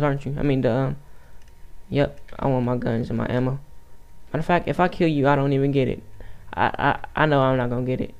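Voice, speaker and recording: A man chats loosely over his own gameplay, his voice smooth and clear. He stutters, restarts sentences and wanders off topic as he plays. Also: mid-range voice, fast, a little mellow. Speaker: YouTube gamer. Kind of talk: casual gameplay commentary.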